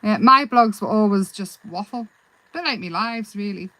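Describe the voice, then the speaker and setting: A woman hosting a live craft demonstration, chatting in a relaxed, rambling way and answering viewers' comments as she works. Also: mid-range voice, moderate pace, no room sound, poor audio. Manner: relaxed, self-deprecating. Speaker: craft livestream host.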